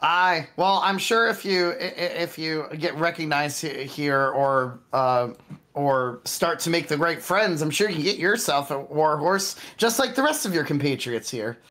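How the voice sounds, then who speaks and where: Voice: mid-range voice, unhurried, fairly bright tone, soft background music, natural voice. A game master voicing a friendly, chatty male townsman in a tabletop game.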